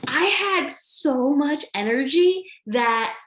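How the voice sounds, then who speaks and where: A woman coach chatting casually to camera at home, lively and acting out what she and others said. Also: high-pitched, slow pace. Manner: animated, acts out her own quotes. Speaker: health coach. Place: home room with a board behind her. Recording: echoey room.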